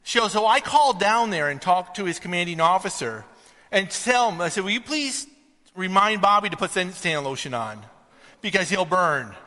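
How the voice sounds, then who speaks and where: A man gives a sermon in a relaxed, storytelling way, his voice fairly high and bright. He lifts into emphatic, pressing questions when he drives a point home. A long reverb from the church hall trails each phrase. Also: normal speed. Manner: conversational, rises to emphatic questions. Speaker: pastor.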